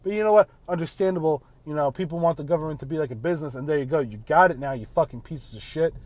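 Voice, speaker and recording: A man's voice: on the high side, quick pace. A man hosting a casual monologue from his car, talking bluntly with heavy swearing and often tacking on "man". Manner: blunt, profane, ranting, keeps saying "man". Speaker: podcast host. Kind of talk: casual monologue while driving.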